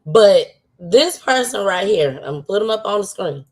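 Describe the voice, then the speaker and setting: A woman's voice: mid-range voice, lively intonation, moderate pace, breathy edge. A woman hosting her own livestream show, talking in a casual, heartfelt way and laughing often, close to tears. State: tearful.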